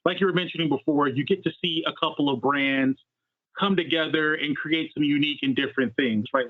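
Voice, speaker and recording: Male podcast co-host, higher voice, chatty and punny, tinny phone-like dry sound. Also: dry recording. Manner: upbeat, talkative, playful puns. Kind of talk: casual podcast chat.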